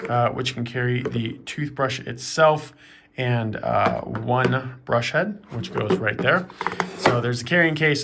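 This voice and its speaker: A man's voice: mid-range voice, gravelly, slight background noise. Laid-back man reviewing a gadget. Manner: relaxed and conversational, with frequent fillers. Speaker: product reviewer. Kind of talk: casual product review.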